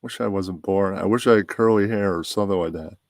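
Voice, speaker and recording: Very deep-voiced man, dry close sound. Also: fairly quick, dry recording. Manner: relaxed, rambling, talks to himself while setting up. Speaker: podcast host. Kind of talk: casual chat before a live stream.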